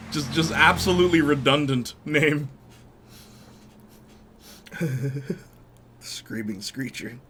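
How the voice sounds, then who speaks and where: A man's voice: fairly high pitch, sharp tone. A man commentating over gameplay in a joking, playful way, laughing often. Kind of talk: let's play commentary.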